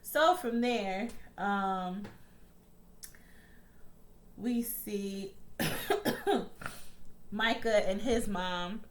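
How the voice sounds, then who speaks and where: A woman's voice: mid-range voice, huge pitch swings, extremely slow, pauses often. A woman giving a casual, profane recap of a TV episode, talking bluntly and acting out the characters' lines. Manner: profane, blunt, chatty, acts out quotes. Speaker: TV recap vlogger.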